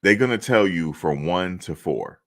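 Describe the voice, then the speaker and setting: A man from New Jersey telling a travel story to camera in a casual, animated, slangy way, repeating himself for emphasis. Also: deep voice, measured pace.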